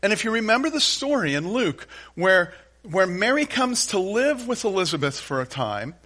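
Male pastor, sermon, folksy, animated storytelling, slightly high voice. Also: normal speed.

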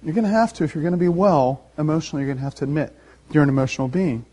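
A man pastor preaching a sermon, animated and emphatic, with dramatic pauses. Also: fairly high pitch.

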